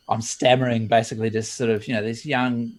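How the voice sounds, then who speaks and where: A man, a guest in an interview, telling a story and acting out the dialogue. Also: mid-range voice. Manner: lively storyteller who acts out dialogue. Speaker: guest, 3D modeler.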